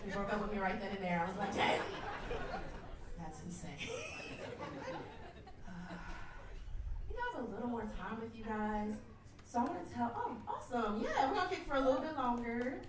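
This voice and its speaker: A woman's voice: a little high, lively intonation, brisk. A young woman doing a crude, brash stand-up comedy set on a club stage, often laughing through her lines. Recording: echoey club from far off, crowd. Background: audience laughter.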